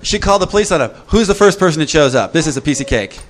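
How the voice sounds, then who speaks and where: A man leading a recovery group talk, lively and joking, acting out little voices as he explains. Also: fairly high pitch, racing. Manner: lively, jokey, acts out voices. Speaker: recovery workshop speaker.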